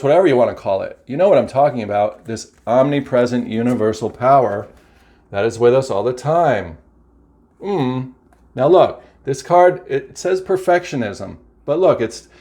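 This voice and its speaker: Brief: an excitable man reading oracle cards into a camera, medium voice, exclaiming and repeating lines. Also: medium pitch. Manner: enthusiastic, exclamatory, repeats phrases. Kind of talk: casual spiritual talk to camera. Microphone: camera mic.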